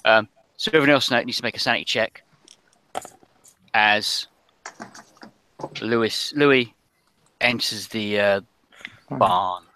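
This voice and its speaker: A man narrating a tabletop adventure as game master, unhurried and full of ums and uhs. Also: lowish voice, bright, forceful tone, slight background noise.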